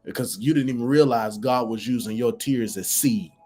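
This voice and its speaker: A man's voice: mid-range voice, moderate pace. Man preaching prophetic declarations. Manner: repetitive, declaring, rising to loud peaks; addresses viewers by name. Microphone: phone livestream.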